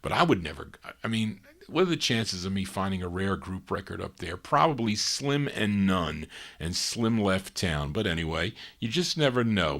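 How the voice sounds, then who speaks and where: A man's voice: low voice, sing-song, moderate pace, a bit bright. A man hosting a live oldies record show, chatting casually and rambling into personal stories between songs. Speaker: radio show host.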